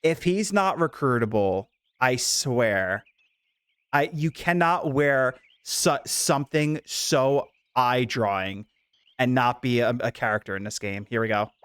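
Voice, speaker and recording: A man streaming a game, chatting casually with viewers in an animated, giggly way. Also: mid-range voice, unhurried, smooth, dry recording.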